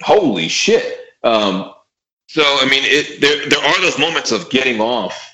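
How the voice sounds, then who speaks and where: A man's voice: mid-range voice, animated, measured pace, sharp tone. A man who plays drums, chatting casually in a podcast. He swears freely, repeats his words and acts out what he once said. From Austin, Texas. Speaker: guest drummer. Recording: echoey room.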